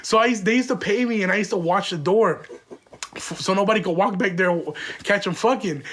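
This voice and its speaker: A man's voice: high voice, a little fast, a bit bright. A young man hosting a podcast, telling a profane, rambling story in a casual way and laughing often. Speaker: podcast host.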